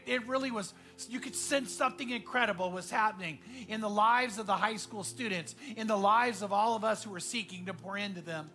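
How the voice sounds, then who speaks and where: A pastor with a voice that sits high preaches a sermon, telling a story earnestly and often dropping into a hush.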